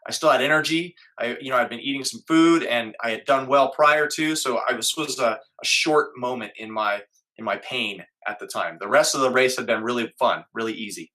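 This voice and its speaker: Middle-aged guy telling his story on an interview show, bright tense voice, earnest, voices his own thoughts out loud. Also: mid-range voice, fairly quick. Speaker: guest.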